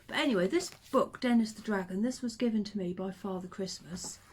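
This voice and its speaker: A woman, chatting to the camera and telling old stories in a relaxed, reminiscing way. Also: medium pitch, fairly quick, a little hiss or hum. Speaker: vlogger. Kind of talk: casual chat to camera.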